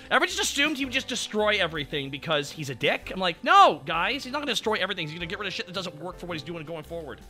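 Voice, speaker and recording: A man hosting a casual stream chat, talking excitably and swearing freely. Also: sits high, rapid-fire, few pauses, soft background music. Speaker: streamer host.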